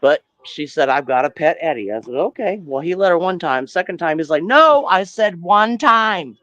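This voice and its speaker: A man telling a casual story in an animated way, acting out quotes and growling noises. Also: a little high, brisk. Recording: dull lo-fi sound.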